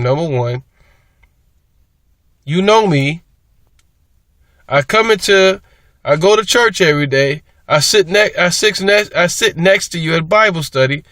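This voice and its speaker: A man rambles through a casual monologue, repeating himself and restarting sentences as he goes. His voice sits a little high and sounds bright. The sound is close and dry. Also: no echo. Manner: rambling, repetitive, with many restarts. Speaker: vlogger.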